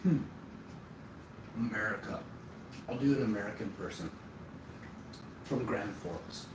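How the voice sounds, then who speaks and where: A man's voice: lowish voice, animated, moderate pace. A man from Manitoba, rambling bluntly in a casual monologue to his viewers, swearing offhandedly. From Manitoba, Canada. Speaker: vlogger. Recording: roomy, distant mic, noisy background.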